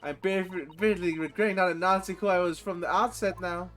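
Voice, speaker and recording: A man's voice: high voice, fairly even intonation, fairly quick, fairly bright tone, soft background music. A man voicing a blustering middle-aged prison governor with a Scottish accent, reading game dialogue aloud. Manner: brusque, blustering.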